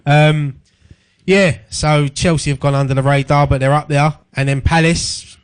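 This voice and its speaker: A man with a Cockney accent chats casually about football as a radio co-host. His voice sits a little higher than most men's. He keeps things easygoing and jokey. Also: fairly even intonation, moderate pace, clear, resonant tone.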